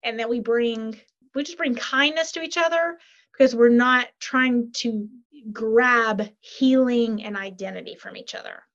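Animated high-voiced woman coach. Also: muffled recording. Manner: animated, quick, acts out quoted dialogue. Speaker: guest, relationship coach. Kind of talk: casual interview talk.

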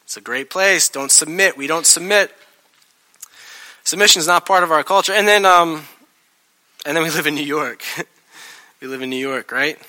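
A man's voice: on the high side, moderate pace, long pauses. A man preaching a sermon as pastor of his church, telling stories animatedly and acting out the people in them. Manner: animated storytelling, acting out voices.

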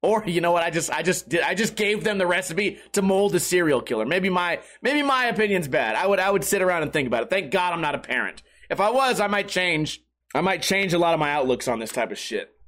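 Young male streamer, high voice, profane and rambling reaction commentary. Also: lively intonation, fast, a bit bright. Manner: swears constantly, rambling with many restarts. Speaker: streamer reacting to news articles.

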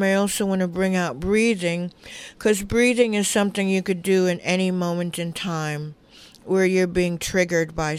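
Slow, calm woman guiding relaxation. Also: on the low side, clean tone. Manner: calm, unhurried, soothing guidance. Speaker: wellness teacher. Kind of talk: guided relaxation instruction.

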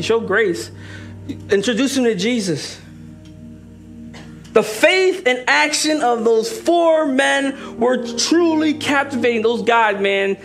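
A young male pastor preaches with a very high voice, lively and joking. He rushes through asides, then slows right down to land his points. Faint music plays beneath him. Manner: lively, joking, shifts between fast asides and slow emphatic lines. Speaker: assistant pastor. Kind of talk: sermon.

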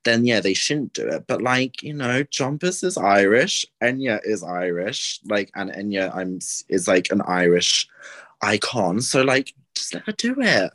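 A man's voice: lowish voice, unhurried, a bit bright. A young man co-hosting a podcast in casual, rambling chat, full of ums and likes. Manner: rambling, filler-heavy. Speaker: podcast co-host.

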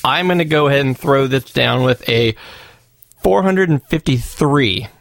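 A man's voice: medium pitch, measured pace, vocal fry, fairly bright tone, no room sound. A man co-hosting a casual podcast, jokey and upbeat, reading listener feedback. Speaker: podcast co-host. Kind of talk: casual chat.

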